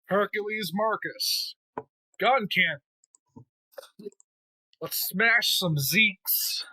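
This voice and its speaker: A tabletop role-player voicing a boastful male mech pilot in slow, drawn-out lines. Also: medium pitch, bright, forceful tone, no room sound, voice pushed up, exaggerated voice. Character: cocky mobile suit pilot, male.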